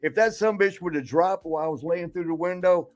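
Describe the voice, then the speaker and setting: A man's voice: sits high, a little fast, a little mellow, slight background noise. An older man, a retired wrestler, telling rambling stories on a podcast, laughing often and swearing. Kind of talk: casual storytelling.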